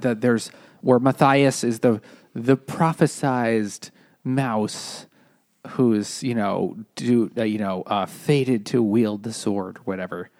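A man recapping a novel in relaxed podcast talk. He stumbles along with fillers and restarts. His voice sounds dry and close, with no room around it. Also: mid-range voice, vocal fry, dry recording. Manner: halting, filler-heavy retelling. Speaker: podcast co-host. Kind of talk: casual book chat.

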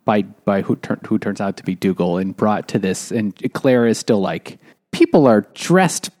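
A man's voice: lowish voice, fairly even intonation, moderate pace, a little mellow. A man co-hosting a casual book podcast, rambling through plot recaps and acting out quotes. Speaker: podcast co-host. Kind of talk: casual book-club chat.

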